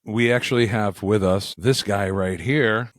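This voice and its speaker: A man hosts a casual podcast in a somewhat low voice. The sound is dry and close, with no room echo. He trades relaxed, joking banter with his co-hosts. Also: unhurried. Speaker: podcast host. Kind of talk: casual chat.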